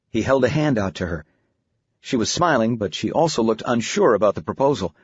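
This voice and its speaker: Male narrator, mid pitch, husky, dry booth, dull recording; measured reading. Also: no room sound. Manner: even, measured storytelling. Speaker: audiobook narrator. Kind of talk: scripted narration. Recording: dull, muffled audiobook recording.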